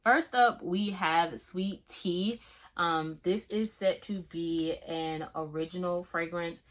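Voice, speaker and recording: A young Southern woman from Florida slowly talks through a casual fragrance review vlog, emphatic and chatty with lots of fillers. Her voice is a little low yet bright and forward, and she keeps checking in with the listener.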